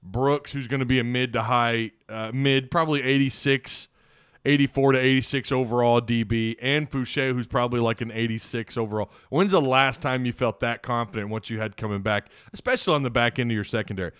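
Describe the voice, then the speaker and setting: A man's voice: mid-range voice, steady tone, a little fast, fairly bright tone, smooth, no echo, studio quality. Rambling man hosting live sports talk. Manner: rambling, opinionated, frequent restarts. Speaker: sports podcast host.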